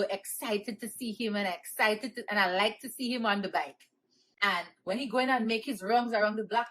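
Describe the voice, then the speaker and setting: A woman's voice: medium pitch, fairly bright tone, slight background noise, rough recording. A woman telling a painful childhood memory in an earnest, emotional storytime monologue. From New York. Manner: earnest, emotional retelling with rising, pleading cries.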